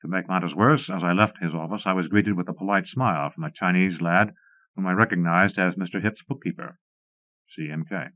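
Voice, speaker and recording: Brief: low male audiobook narrator, measured and wry, tinny old tape. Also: dry recording. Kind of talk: audiobook reading. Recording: muffled phone-like 1990s cassette recording, dry.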